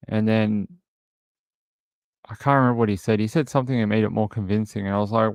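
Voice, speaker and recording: A man's voice: fairly low pitch, fairly quick, clean tone, no echo, studio quality. A man hosting a true crime livestream, rambling casually and thinking aloud.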